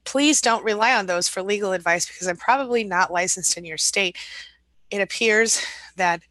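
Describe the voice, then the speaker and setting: A woman's voice: mid-range voice, moderate pace, a bit bright, dry recording. A middle-aged woman hosting a live stream, reading out viewer comments and answering them in a sympathetic, reassuring way. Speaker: host, relationship recovery coach.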